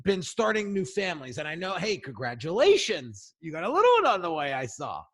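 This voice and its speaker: A man's voice: on the high side, huge pitch swings, a little fast, a bit bright. A man hosting a casual podcast interview, eager and given to repeating himself. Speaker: host.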